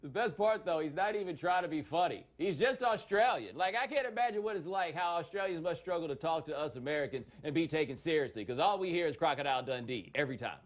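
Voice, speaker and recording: Brief: male TV sports host, dry sarcastic commentary, a bit higher pitch. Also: expressive, fast, hardly any pauses. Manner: wry, sarcastic asides. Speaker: talk show host. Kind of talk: comedic sports talk.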